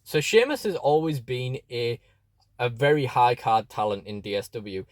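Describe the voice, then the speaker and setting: A man's voice: medium pitch, lively intonation, normal speed, no room sound. A man chatting casually through a toy unboxing review, rambling with fillers and restarts, recorded close and dry.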